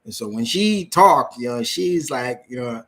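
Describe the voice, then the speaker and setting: A man's voice: mid-range voice, animated, a little slow, a bit bright. A young man hosting a live Q&A, reading out viewer questions and answering them in a casual, blunt way. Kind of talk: live Q&A chat.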